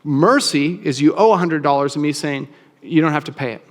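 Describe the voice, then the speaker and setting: A man's voice: a little high, brisk, big-room sound. A man preaching a sermon as a pastor, in a casual, conversational way with frequent restarts.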